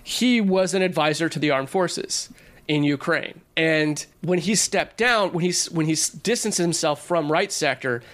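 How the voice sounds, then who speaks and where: A man's voice: on the high side, moderate pace, fairly bright tone. A man co-hosting a podcast, chatting casually and animatedly with lots of filler words. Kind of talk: casual political chat.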